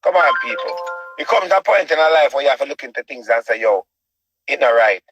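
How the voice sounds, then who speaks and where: A man's voice: medium pitch, expressive, quick pace, a bit bright, slightly rough, dry recording, faint music behind, poor audio. A man with a Jamaican accent ranting as a show host, preachy and repetitive and full of rhetorical questions. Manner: preachy, repeats himself, asks rhetorical questions. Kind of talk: ranting commentary.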